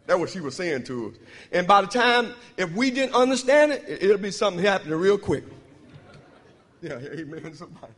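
A man with a high voice preaches with emphatic call-and-response, jumping from loud declarations to quiet, confiding asides. His voice rings out in a church sanctuary with a long, trailing reverb. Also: very animated, fairly quick. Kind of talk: sermon.

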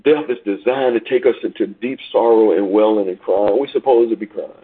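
A man preaching a sermon over a call, rising and falling in pitch and volume and repeating phrases for emphasis. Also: fairly quick, slight background noise. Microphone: phone call. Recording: tinny phone line.

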